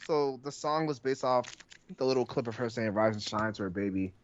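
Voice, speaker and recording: A man's voice: medium pitch, fairly quick. Slangy young man asking questions, lo-fi. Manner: slangy, asks follow-up questions. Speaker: podcast co-host. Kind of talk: casual podcast chat. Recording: dull lo-fi podcast audio.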